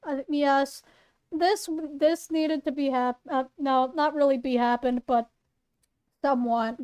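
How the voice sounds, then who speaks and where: Playful high-voiced woman reading aloud. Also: steady tone, unhurried, a little mellow. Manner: playful, self-conscious, stumbling. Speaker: story reader and voice actor. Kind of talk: casual story reading with asides.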